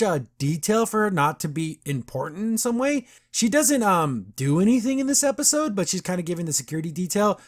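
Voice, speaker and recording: A young man hosting a podcast, recapping a cartoon episode in a chatty, enthusiastic way and acting out the characters' lines. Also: a little high. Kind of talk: casual recap commentary.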